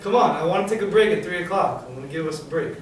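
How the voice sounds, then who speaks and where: A man runs a live teacher-training session, energetic and demonstrative. His voice sits high for a man. He is picked up from across a very echoey classroom, with faint noise behind him. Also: racing. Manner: energetic, demonstrative, acts out examples. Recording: very echoey room, far mic, faint noise.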